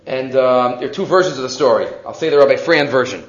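A man giving a weekly Torah lesson, telling stories in a lively way and acting out the voices of the people in them. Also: medium pitch, fast. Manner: animated storyteller who acts out quoted voices. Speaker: Torah class teacher. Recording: echoey room, dull lo-fi sound.

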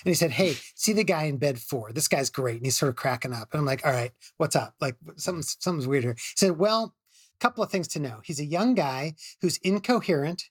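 A man's voice: fairly high pitch, lively intonation, brisk, slightly rough, no echo, clean studio sound. A middle-aged man, an emergency physician, telling a story casually with many restarts and laughs.

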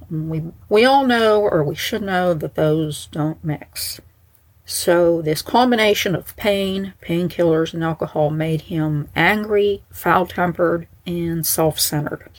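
A woman's voice: on the low side, rough recording. A woman narrating in a casual, chatty way, with wry asides. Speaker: storyteller.

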